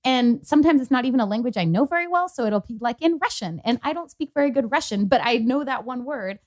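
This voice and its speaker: A woman's voice: high-pitched, animated, fast talker. A woman co-hosting a podcast, telling a personal story in casual chat and retelling past conversations with lots of fillers. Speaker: podcast co-host.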